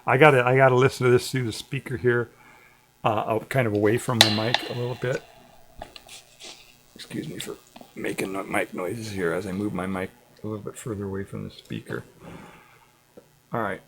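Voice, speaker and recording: A man's voice: on the low side, fairly even intonation, normal speed, gravelly, long pauses, background noise. A middle-aged man hosting a livestream, chatting in a laid-back, digressive way with frequent chuckles. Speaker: livestream host. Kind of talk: casual rambling livestream chat.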